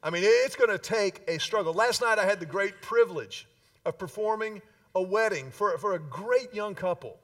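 A man preaching a sermon as pastor, emphatic, with dramatic pauses and slowed key phrases. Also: sits high, fairly bright tone, distant mic.

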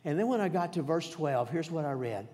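A male pastor telling a personal story in a sermon, in a folksy, halting way with many restarts, and dropping to a hush for prayers. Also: a little high, animated. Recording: long hall reverb.

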